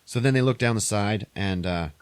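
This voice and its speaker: A man's voice: lowish voice, moderate pace, smooth, dry recording. A young man hosting a podcast, recapping a movie in a rambling, swear-heavy casual way. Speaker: podcast host.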